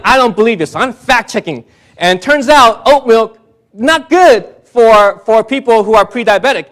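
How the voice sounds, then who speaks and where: Guy preaching an easter sermon in church, tells stories, fairly high voice, gets worked up. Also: moderate pace. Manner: storytelling, animated, self-deprecating, with restarts. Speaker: pastor. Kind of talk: conversational sermon.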